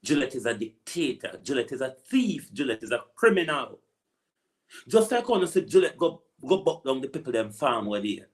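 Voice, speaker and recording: A man's voice: mid-range voice, very animated, normal speed. A man with a Jamaican accent, an online political commentator delivering a preachy, repetitive rant full of rhetorical asides. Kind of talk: ranting monologue.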